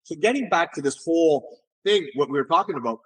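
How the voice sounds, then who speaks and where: Man, middle-aged, fairly high husky voice, animated storyteller, restarts and repeats words. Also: a little fast. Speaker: entrepreneur guest. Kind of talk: casual storytelling interview.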